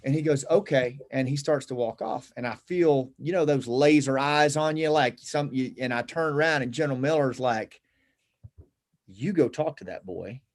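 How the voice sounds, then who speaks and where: Appearing as a guest on a conversational show, a middle-aged man with a mid-range voice tells a personal story. He's earnest and reflective, with halting pauses and filler words.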